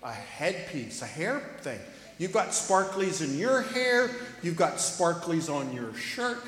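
A man leading a children's sermon in church, playful and animated, asking the kids lots of questions. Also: a little high, slow. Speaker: pastor giving children's sermon. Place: church sanctuary. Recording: reverberant church hall.

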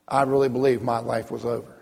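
A man, a minister, telling his personal testimony in an earnest, vivid storytelling manner, slowing down for emphasis. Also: medium pitch, flat delivery, vocal fry, darkish tone, slightly rough, big-room sound.

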